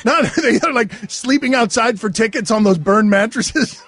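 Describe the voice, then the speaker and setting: A middle-aged man hosting a sports radio show, riffing fast and breaking into giggles as he banters. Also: very high-pitched, fairly bright tone.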